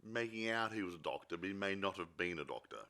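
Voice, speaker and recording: A man's voice: low-pitched, expressive, quick pace, sharp tone. A man co-hosting a film review podcast, chatting casually with jokey asides and many restarts. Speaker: podcast co-host.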